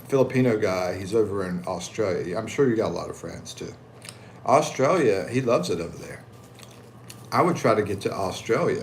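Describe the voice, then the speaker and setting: A man's voice: fairly low pitch, slight background noise. An American man hosting a casual livestream, reading viewer comments and answering them in a laid-back way with frequent chuckles. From United States. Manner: laid-back, chuckling, reads comments aloud with animated voices. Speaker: livestream host reading chat. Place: at home in the Philippines.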